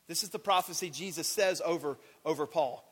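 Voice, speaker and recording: A man preaching a sermon, animated, acting out quoted voices and shouting for emphasis. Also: on the high side, a little fast, slightly rough. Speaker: pastor. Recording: long hall reverb.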